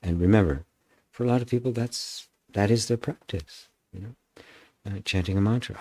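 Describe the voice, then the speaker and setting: A man's voice: on the low side, moderate pace, a little mellow, dry recording. A man hosting a live open forum as a spiritual teacher, musing through answers to chat comments with frequent restarts and a tag of "right?". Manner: musing, stops and restarts, often adds "right?".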